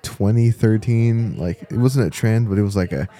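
A young man co-hosting a podcast. His voice is dark and mellow. He chats in a laid-back way and fills his sentences with "like.". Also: fairly low pitch, moderate pace. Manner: laid-back, filler-heavy, "like" often. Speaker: podcast co-host. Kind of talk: casual chat.

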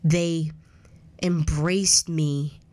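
A woman's voice: sits low, steady tone, very slow, a crowd in the background. A woman in her thirties, a guest in an interview, telling her life story in a candid, earnest way, often restarting her sentences. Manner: acts out others' words in a raised voice. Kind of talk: casual personal storytelling.

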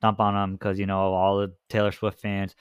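Smooth-voiced young man in laid-back chat. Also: deep voice, monotone, normal speed, dry recording, dull audio. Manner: laid-back, storytelling, heavy use of "like". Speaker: podcast co-host. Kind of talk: casual chat. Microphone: studio mic, dry booth.

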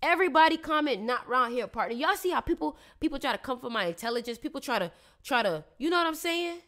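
A woman's voice: a little high, lively intonation, fast talker, a bit bright. A woman on a casual live stream, reading viewers' astrology in a chatty, playful, slangy way and teasing her audience.

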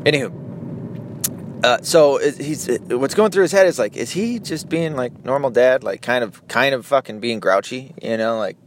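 A man's voice: mid-range voice, normal speed. A man in his thirties telling a casual vlog story about himself as a father, profane and rambling, often laughing as he talks. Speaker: vlogger, father of an eight-year-old. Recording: clear traffic and street noise.

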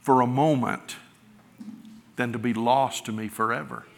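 A middle-aged male pastor preaching a sermon, swelling loud on key words and then dropping soft. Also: medium pitch, fairly even intonation, measured pace, creaky. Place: large church sanctuary. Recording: church hall reverb.

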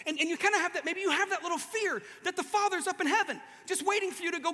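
High-voiced man preaching in a hall. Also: fast talker, hardly any pauses. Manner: animated, joking, acts out quoted voices. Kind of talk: humorous sermon to a live audience. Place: large hall with an audience.

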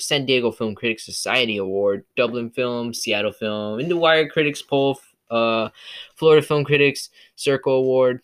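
A man's voice: mid-range voice, fairly bright tone, clean tone. A man hosting a casual solo movie review podcast, rambling with many fillers and restarts, from California. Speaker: podcast host.

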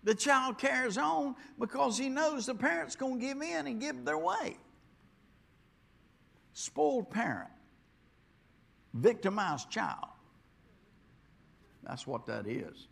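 A man preaching a sermon, rambling and repeating himself, dropping to quiet asides and then rising to loud exhortation. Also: very high-pitched, very animated, takes it slowly, creaky, long pauses. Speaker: pastor.

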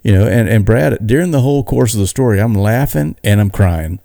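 A man co-hosting a podcast, telling a story in a casual, animated way with many restarts. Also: fairly low pitch, brisk, gravelly, dry recording, studio quality. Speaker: podcast co-host. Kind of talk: casual chat.

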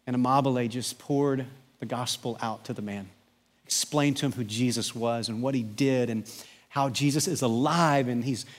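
A middle-aged American man, a pastor, delivering a sermon as an animated storyteller who builds to emphatic preaching. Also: mid-range voice, moderate pace, big-room sound. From United States.

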